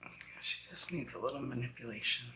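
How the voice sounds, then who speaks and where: A woman with a slight Southern US accent talking through a wig review at home, chatty and often dropping into soft whispered asides. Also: very deep voice, animated, a little fast, a little hiss or hum. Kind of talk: casual product review vlog.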